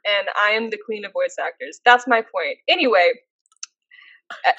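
A woman's voice: medium pitch, expressive, normal speed, sharp tone, no room sound, muffled recording. A woman co-hosting a podcast, chatting casually and telling stories with lots of fillers. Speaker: podcast co-host. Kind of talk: casual chat.

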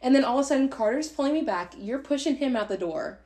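Woman, twenties, podcast co-host; fairly high voice, lively storyteller who acts out the lines she quotes and curses casually. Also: quick pace. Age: 20s. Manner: animated, swearing, acts out quotes.

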